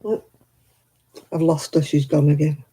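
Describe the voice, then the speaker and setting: A woman's voice: sits low, level tone, a little slow, mellow, husky, low-quality recording. A woman hosting a crafting livestream, chatting casually with viewers and grumbling about television. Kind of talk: casual chat with viewers while crocheting.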